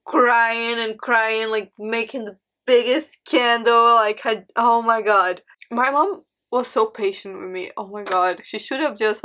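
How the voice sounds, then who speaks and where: A woman's voice: mid-range voice, pushed and bright. A young woman whose first language is Portuguese, telling a dramatic storytime with frequent laughs and exclamations. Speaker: vlogger. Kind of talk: storytime vlog.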